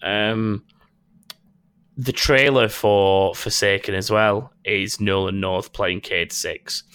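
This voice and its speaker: A man's voice: fairly low pitch, steady tone, slow pace, a bit bright, clean tone, no room sound. A man hosting a casual gaming news chat, rambling with many ums and restarts. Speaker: podcast host.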